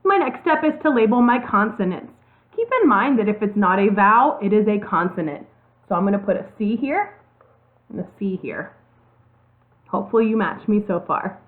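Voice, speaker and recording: A woman's voice: medium pitch, lively intonation, moderate pace. Female teacher, patient step-by-step delivery, letters spelled out, narrow phone-like sound. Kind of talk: classroom video lesson. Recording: tinny phone-like audio.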